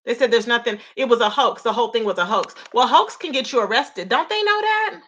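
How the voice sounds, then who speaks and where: A woman's voice: on the high side, expressive, a little fast, a bit bright, highs cut off. A woman hosting a casual gossip livestream, reading chat and reacting with lots of exclamations. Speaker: livestream host.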